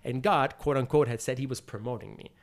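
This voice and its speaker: A man's voice: medium pitch, a little fast. A man being interviewed as a guest, telling a personal story in a loose, casual way full of "like" and "you know.". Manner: acts out his own past thoughts in quotes. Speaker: interview guest, TV host and producer.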